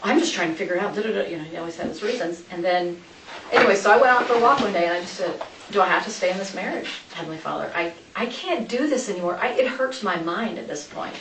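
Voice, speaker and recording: A woman with a low, gravelly voice recounts events in a police interview, rambling and chatty and always jumping to the next thread. She sits at a distance from the mic in a roomy, echoing space. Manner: rambling, chatty, quick to change course. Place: interview room. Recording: echoey room, distant mic, light noise.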